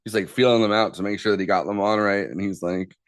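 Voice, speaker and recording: A man co-hosting a podcast in a casual movie chat, animated as he retells scenes. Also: lowish voice, fast talker, no echo. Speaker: podcast co-host.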